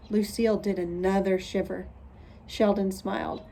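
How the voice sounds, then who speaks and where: A woman teacher reading a children's storybook aloud, expressive and clear. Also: medium pitch, measured pace.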